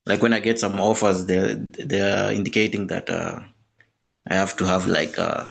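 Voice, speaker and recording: A man calls in with a question on a video call, speaking haltingly. His voice sits low and gravelly with fry. His delivery stays flat and even. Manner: halting, many uh and like. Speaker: caller asking a question.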